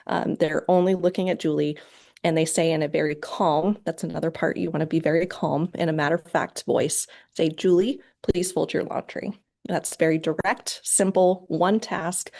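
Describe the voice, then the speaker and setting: A woman with a lower voice and a gravelly edge gives an online lecture. She explains each step clearly and slips into short quoted lines from parents and kids. Her voice comes through a video call. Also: darkish tone. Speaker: parent training presenter. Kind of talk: lecture presentation.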